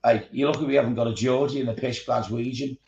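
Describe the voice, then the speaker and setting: Scouse man, gravelly, sweary casual storyteller, roomy echo. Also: mid-range voice, fairly even intonation, fast talker, darkish tone, highs cut off, a little hiss or hum. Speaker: miniature painting streamer. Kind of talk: casual chat.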